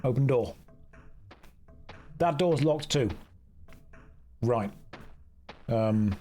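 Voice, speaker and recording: A man's voice: mid-range voice, expressive, extremely slow, mellow, faint music behind. A man streaming a video game, chatting casually and joking at his own expense. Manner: chatty, self-mocking, jokey. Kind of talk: casual live-stream commentary.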